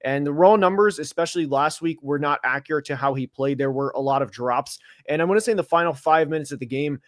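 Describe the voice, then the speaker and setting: A man co-hosting a casual football podcast, talking fast with lots of fillers and getting openly worked up about play calls while seated. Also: fairly high pitch, no room sound, studio quality. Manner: animated, gets worked up, many fillers. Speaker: podcast co-host. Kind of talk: casual sports podcast analysis. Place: seated at home studio.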